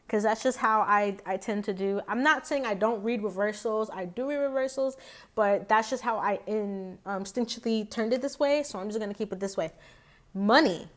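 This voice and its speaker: A woman's voice: mid-range voice, moderate pace. A woman doing a casual tarot reading, talking to her viewers in a rambling, chatty way full of fillers and restarts. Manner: talks straight to viewers. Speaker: tarot reader.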